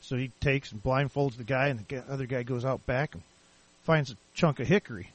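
A man's voice: medium pitch, fairly quick, slightly rough. A man co-hosting a casual podcast, telling crude bar jokes in a laid-back way. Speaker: podcast co-host.

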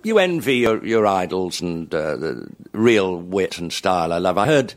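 Older male raconteur, very low voice, genial anecdotes, chuckles at his own punchlines. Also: big pitch swings, moderate pace. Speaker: after-dinner raconteur. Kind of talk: anecdotal storytelling to a live audience.

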